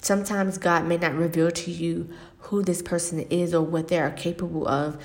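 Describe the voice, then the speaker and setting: Low, gravelly woman podcast host. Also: flat delivery. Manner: earnest and reflective, with frequent pauses and fillers. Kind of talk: faith-based podcast monologue. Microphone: podcast microphone.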